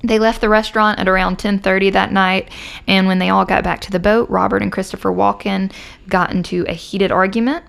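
A woman's voice: medium pitch, fairly even intonation, brisk, gravelly, a bit bright. A woman co-hosting a casual true crime podcast, reading out case details and breaking off into sarcastic jokes. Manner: reads case notes then jokes and riffs sarcastically. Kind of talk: casual conversational storytelling.

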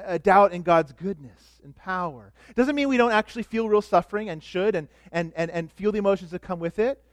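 A middle-aged man preaching a sermon as pastor, animated, dropping to soft asides. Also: high-pitched, no echo, clean studio sound.

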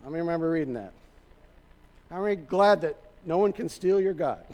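A man's voice: a little high, animated, moderate pace, warm tone. A male pastor preaching a sermon, retelling a story in a conversational way with touches of humor. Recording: reverberant hall.

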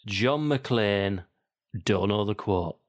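Animated man playing a quiz. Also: lowish voice, extremely slow. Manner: animated, swears and exclaims when stumped. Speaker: quiz contestant. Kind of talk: casual podcast quiz game.

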